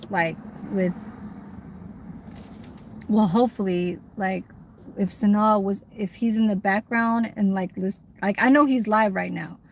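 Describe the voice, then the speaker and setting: A woman's voice: medium pitch, slight background noise, low-quality recording. A woman chatting on a livestream in a rambling, swearing way, with many fillers and restarts. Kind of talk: casual livestream chat.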